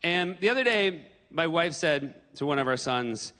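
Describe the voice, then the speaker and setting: A man's voice: fairly high pitch, moderate pace, few pauses, in a large hall. A man performing stand-up comedy on a theater stage, telling stories and acting out the quotes. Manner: animated storytelling with acted quotes.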